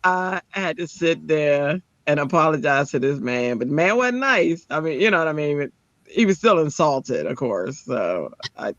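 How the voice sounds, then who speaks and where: Woman host, deep voice, chatty and laughing, slightly dull lo-fi sound. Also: normal speed, dry recording. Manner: animated storytelling, laughs often. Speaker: craft show host. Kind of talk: casual chat.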